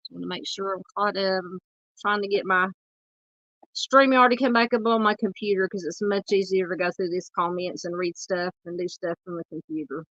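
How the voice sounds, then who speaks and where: A woman in her forties with a Southern US accent, hosting a true crime livestream and chatting loosely with viewers, halting and full of fillers. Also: mid-range voice, steady tone, a bit bright, no room sound, dull audio. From United States. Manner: rambling, halting, lots of fillers while searching the screen. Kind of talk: casual livestream chat reading comments.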